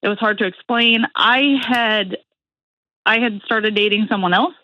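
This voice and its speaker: A woman's voice: mid-range voice, measured pace, pushed and bright, dry recording, muffled recording. Hesitant young woman calling in from Indiana. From Indiana, USA. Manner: hesitant, earnest, with filler words. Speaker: caller. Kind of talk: phone-in conversation.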